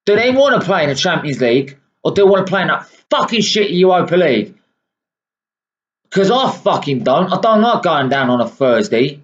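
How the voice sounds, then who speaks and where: A man ranting angrily about his football club, swearing often and tagging "right?" onto his sentences. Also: on the high side. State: unwell. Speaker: football fan vlogger. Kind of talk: angry ranting monologue. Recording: dull lo-fi sound.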